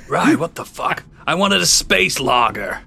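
A man's voice: on the high side, very animated, takes it slowly, creaky, pushed and bright, slight background noise. A man playing a tabletop game, talking brashly in character with heavy swearing. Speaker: player. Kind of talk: casual in-character banter.

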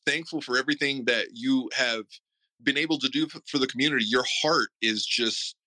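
An earnest man hosts a support group, his voice very bright and ringing. He stammers and repeats words while he talks from the heart, at an even, middle pitch. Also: fairly quick, low-quality recording. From Puerto Rico. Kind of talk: heartfelt tribute talk. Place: online audio room.

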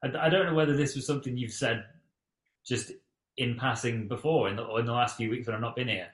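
A man's voice: medium pitch, fairly even intonation, quick pace, roomy sound. A man co-hosting a podcast, chatting loosely and joking with swearing. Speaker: podcast co-host. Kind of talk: casual podcast banter.

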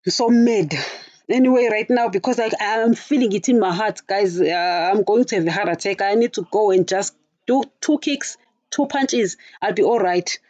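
A woman's voice: mid-range voice, normal speed, darkish tone, no echo, lo-fi sound. A woman hosting a religious podcast, speaking angrily and repeating herself as she talks to her listeners. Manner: angry, repetitive, addresses listeners as guys. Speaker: podcast host. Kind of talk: impassioned religious podcast monologue.

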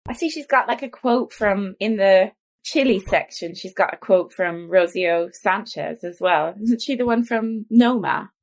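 A young Irish woman co-hosts a casual podcast about a cookbook, speaking at a measured pace in a mid-range voice. She's chatty and laughs often.

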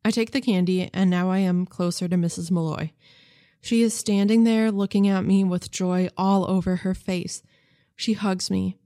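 A woman reading a novel aloud for radio in a measured, gentle storytelling manner. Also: mid-range voice, steady tone, dry recording, clean studio sound. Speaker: narrator.

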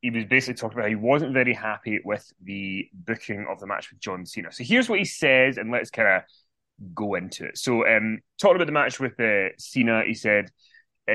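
A man's voice: on the low side, expressive, fairly quick, bright, forceful tone, no room sound. A man co-hosting a casual wrestling podcast, chatting loosely with frequent ums and reading out quotes. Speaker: podcast co-host.

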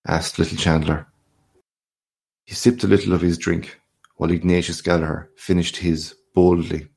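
Low gravelly male story reader. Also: little pitch movement, a little mellow. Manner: measured, unhurried storytelling. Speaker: narrator. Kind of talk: literary audiobook reading.

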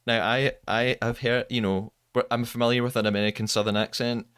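A man's voice: medium pitch, little pitch movement, fairly quick, fairly bright tone, clean tone, no room sound, studio quality. A man hosting a podcast, chatting casually, asking his guest questions and laughing easily. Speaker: podcast host. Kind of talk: casual chat.

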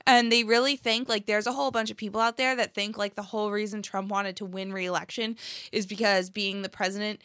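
A woman co-hosting a podcast, talking politics in a fast, animated way full of fillers. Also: mid-range voice, smooth, dry recording, studio quality. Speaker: podcast co-host. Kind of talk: casual political chat.

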